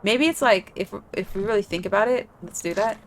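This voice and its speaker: A woman's voice: mid-range voice, brisk, a little hiss or hum. A woman chatting casually while playing a game, rambling with lots of filler words. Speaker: gaming streamer. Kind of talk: casual gameplay chat.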